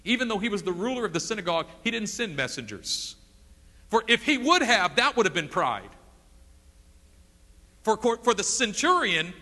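A man delivers an animated, dramatic sermon in a voice that sits high, with a big-room sound. He acts out the voices of people in the story he tells.

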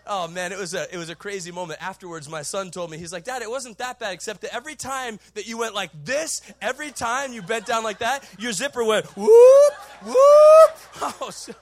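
A middle-aged male pastor preaching a sermon, telling a story in an animated way with loud bursts and laughs. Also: high voice, fast, few pauses, a little hiss or hum. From Southern California. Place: large church auditorium.

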